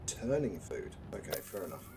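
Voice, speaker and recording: A British man with a fairly low voice talks through a survival game stream in a casual, dry, chatty way, tossing off wry asides. Clear background hiss sits under his home microphone. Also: big pitch swings, moderate pace. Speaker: gaming live streamer.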